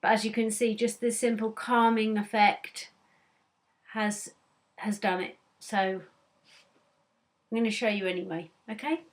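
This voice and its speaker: Woman vlogger, casual how-to chat, hiccuping, mid pitch. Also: steady tone, unhurried, long pauses. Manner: chatty, laughing, a little hesitant. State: has hiccups.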